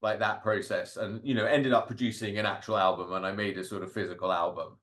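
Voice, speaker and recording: Rambling, low-voiced man cartoonist. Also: fairly even intonation, fast talker, a bit bright. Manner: rambling, full of fillers and self-deprecating laughs. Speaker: guest speaker, cartoonist. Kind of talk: casual talk over slides.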